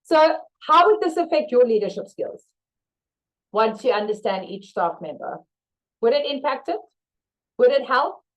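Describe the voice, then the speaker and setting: A woman's voice: on the high side, a little slow, long pauses, low-quality recording. A woman teaching a live online leadership masterclass, reading out viewers' chat replies and acting out short workplace role-plays. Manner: lively, acts out staff replies in role-play. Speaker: leadership trainer.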